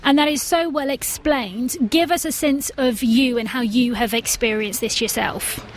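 Higher-voiced woman hosting radio. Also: steady tone, moderate pace. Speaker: radio host. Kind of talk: radio discussion.

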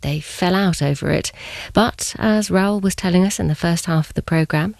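A woman presenting a radio programme, reading a scripted narration with clear storytelling delivery. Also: fairly low pitch, a little mellow, no room sound, studio quality.

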